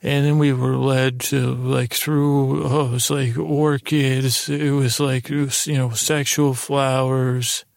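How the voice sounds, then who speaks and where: A man's voice: medium pitch, level tone, slow, vocal fry, few pauses, dry recording. A man telling a rambling, improvised sleep story, meandering and hesitant, with many restarts. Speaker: podcast host.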